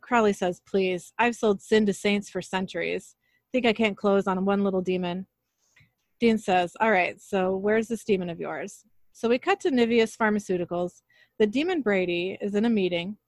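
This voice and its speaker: A woman's voice: mid-range voice, normal speed, no echo. Dry-voiced woman casually retelling a story. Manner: reads every character's lines in her own voice, laughing at her slips. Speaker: narrator retelling an episode. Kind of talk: casual recap reading lines aloud.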